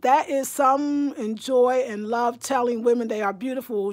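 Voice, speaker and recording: A woman hosting a livestream in casual chat, reading viewer comments aloud and answering them in a talkative, animated way, with bursts of excited exclamation. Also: a little high, normal speed. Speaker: livestream host.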